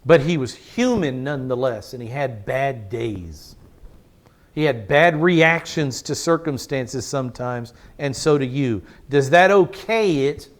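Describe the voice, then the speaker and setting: A man preaching a sermon as a pastor, slowing down to stress key phrases and asking rhetorical questions. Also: mid-range voice, expressive. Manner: preaching with slow drawn-out emphasis and rhetorical questions.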